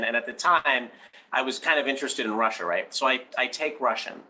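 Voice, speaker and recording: Bright-voiced man explaining as a guest. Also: mid-range voice, fairly quick, poor audio. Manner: earnest, many restarts, keeps adding "right?"; explains through personal stories. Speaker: education expert guest, head of a school. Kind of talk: conversational interview answers.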